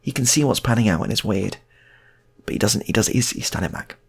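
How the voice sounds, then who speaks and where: A man's voice: fairly low pitch, fairly quick, vocal fry, slight background noise. A man telling an improvised comic story, chatty and full of rambling asides.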